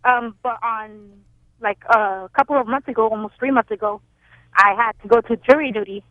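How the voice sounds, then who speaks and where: A woman's voice: on the high side, normal speed, no room sound. A young woman in her twenties calling in to a radio show, talking in a rambling, hesitant way. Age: 20s. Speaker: caller. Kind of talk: call-in radio chat. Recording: tinny phone line.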